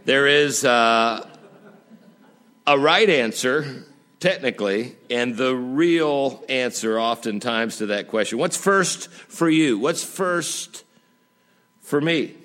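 A man preaching a sermon, talking conversationally and asking the congregation rhetorical questions, with folksy humor and emphatic rises that drop to quiet asides. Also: expressive, takes it slowly. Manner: dynamic, swinging between emphatic highs and quiet drops. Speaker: pastor.

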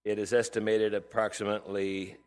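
A man's voice: lowish voice, level tone, brisk, a little mellow. A man in his sixties preaching a sermon from the United States, earnest and emphatic, stressing each point. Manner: earnest, emphatic, piling up statistics and quotes.

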